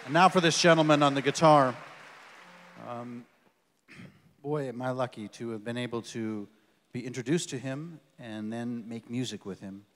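A man's voice: mid-range voice, moderate pace, fairly bright tone, a little hiss or hum. A man introducing his band from a concert stage in casual, rambling banter full of ums, speaking into a stage microphone. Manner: chatty, rambling storyteller with many ums. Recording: long reverb of a concert hall.

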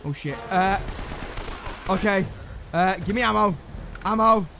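An English man giving excitable, swearing let's play commentary to himself while he plays, with game music behind him. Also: sits high, a little slow, vocal fry, background noise. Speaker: gameplay commentator.

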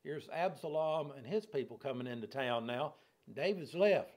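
A man's voice: medium pitch, lively intonation, normal speed, a little mellow. A middle-aged man leading a casual verse-by-verse Bible study, folksy and chuckling, often putting questions to his listeners.

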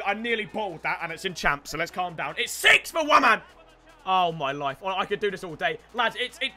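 A young man giving excited gameplay commentary, breaking into sudden shouts and repeating catchphrases. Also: very high-pitched. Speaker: gaming YouTuber.

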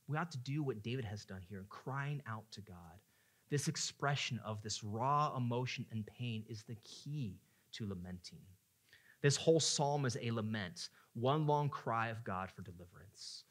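A male pastor preaching a sermon, dropping to hushed tones and rising into loud, impassioned pleading. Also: medium pitch, animated, moderate pace.

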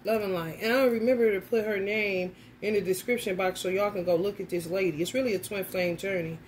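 A woman tarot reader telling a story in a casual vlog, animated and profane, often laughing. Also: mid-range voice, fairly quick, slight background noise.

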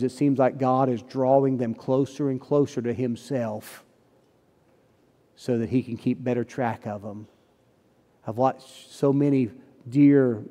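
Preacher guy, mellow warm voice, folksy storytelling, long church reverb. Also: medium pitch. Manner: earnest storytelling, folksy phrasing. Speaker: pastor. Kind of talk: sermon. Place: church sanctuary.

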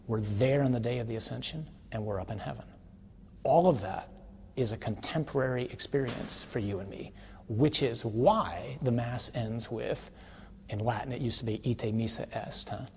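A priest teaching on worship in an easy, conversational manner, checking in with his listeners through quick tag questions. His voice sits at a middle pitch and rises to emphatic, ringing declarations, with a faint hiss of noise under the recording. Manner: builds to forceful, emphatic declarations.

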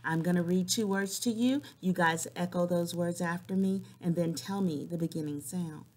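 A woman teacher leading young children through a phonics lesson, clearly sounding out word parts and encouraging them. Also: on the low side, moderate pace, a little mellow. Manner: encouraging classroom tone.

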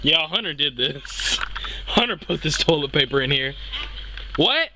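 A man's voice: fairly high pitch, expressive, unhurried, background noise. A man hosting his vlog, casual, teasing and crude, joking with his family. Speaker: vlogger host.

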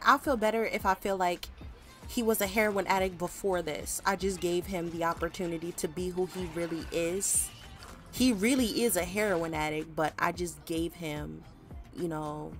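A woman giving casual, animated gameplay commentary, full of slang and sudden shrieks of mock alarm. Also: lowish voice. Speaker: gaming YouTuber.

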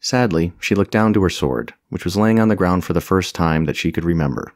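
A man's voice: low voice, a little fast, a little mellow, no room sound, studio quality. A man narrating a comic fantasy audiobook with a wry, storytelling delivery.

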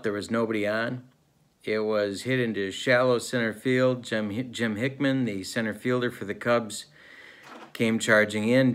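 A man narrates a tabletop baseball replay in the manner of a old-school sportscaster. His delivery is mock-serious and deadpan. It moves at an easy, relaxed pace, with plenty of fillers in between. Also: on the low side. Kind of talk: play-by-play style narration of a tabletop game replay.

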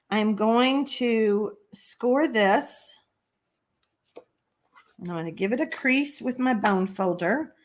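A Texan woman with a slightly high voice hosts a live card-making stream. She talks in a chatty, folksy way, laughs often, and stops to read viewer comments aloud. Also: fairly bright tone. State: allergies, watery eyes. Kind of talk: live stream craft tutorial.

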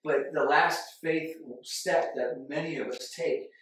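A man preaching a sermon as a pastor, animated, with his delivery swinging from loud to hushed. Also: fairly high pitch, slow pace, far from the mic. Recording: echoey church hall from off-mic.

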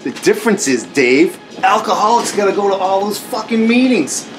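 A man's voice: sits high, very animated, over music. An actor with a Boston accent playing a crude, sarcastic, hot-tempered convenience store clerk in his thirties. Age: 30s. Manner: crude, sarcastic, quick to explode. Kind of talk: sitcom acting.

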